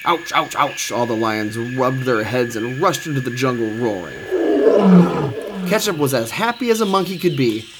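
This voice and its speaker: A man reading a children's storybook aloud, expressive and sing-song. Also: mid-range voice, moderate pace. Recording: steady background noise.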